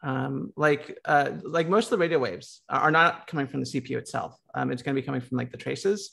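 Gravelly American man, filler-heavy talk. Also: mid-range voice, fast talker, a bit bright. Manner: lots of filler words and restarts. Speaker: panelist. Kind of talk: casual panel discussion.

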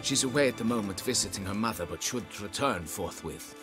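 A haughty, pompous nobleman, as an actor plays him in a video game, his voice rising and falling with lively, mannered inflection. He talks down to the listener and insists on proper respect. Game music plays steadily under the lines. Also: on the low side, a little fast, lightly acted. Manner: pompous, demanding deference. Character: pompous haughty male nobleman, vineyard owner. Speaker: nobleman hiring a witcher.

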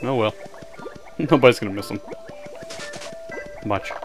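A man's voice: medium pitch, over music. A man casually commenting on his gameplay, crude and joking. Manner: joking, crude, quick to laugh. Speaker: let's play host.

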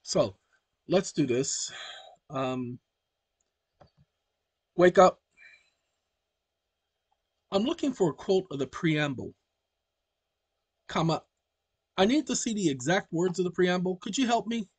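This man hosts his own channel and delivers an emphatic, preachy monologue straight to his audience. His voice is husky and sits somewhat high for a man. The sound is dry and close, with no room echo. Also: expressive, moderate pace, long pauses. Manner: emphatic and preachy, keeps addressing the audience directly. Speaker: channel host. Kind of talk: casual explanatory monologue.

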